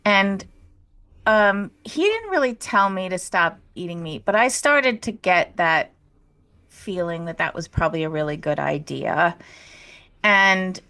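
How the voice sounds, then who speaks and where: A woman co-hosting a podcast, telling personal stories in a casual chat and laughing often. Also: unhurried. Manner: animated, jumps up high when excited. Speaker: podcast co-host. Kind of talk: casual conversation.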